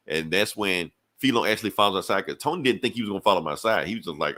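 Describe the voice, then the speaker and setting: A man's voice: sits low, lively intonation, very fast, few pauses, pushed and bright. A man hosting a podcast, casually recapping a comic book in a rambling, slangy way. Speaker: podcast host.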